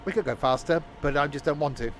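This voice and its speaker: A man's voice: fairly high pitch, fast, a little hiss or hum. A man giving live gameplay commentary as a streamer, rambling and joking to himself as he plays. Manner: rambling, jokey talking to himself. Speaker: game streamer.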